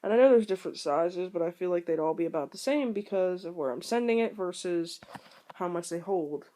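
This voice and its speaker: A woman's voice: fairly low pitch, lively intonation, fairly quick, mellow. A young woman talking casually to the camera at home, rambling and candid with many ums and restarts. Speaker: vlogger.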